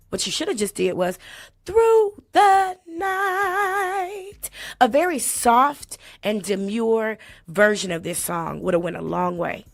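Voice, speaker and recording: A woman hosting a comedic vocal critique, sassy and mocking, bursting into exaggerated loud sung imitations. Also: mid-range voice, unhurried, creaky. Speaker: host critiquing a singer. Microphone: desk mic.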